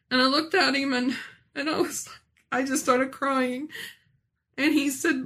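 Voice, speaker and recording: A woman in her forties giving an emotional religious testimony, earnest and halting, often restarting her sentences. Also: high-pitched, little pitch movement, sharp tone. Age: 40s. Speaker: speaker sharing a personal testimony.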